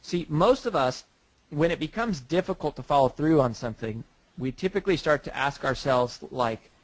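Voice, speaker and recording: A man's voice: a little high, expressive, moderate pace, no room sound, rough recording. A man who is a guest author, talking casually and telling stories, often repeating words as he starts a sentence. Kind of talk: casual interview talk.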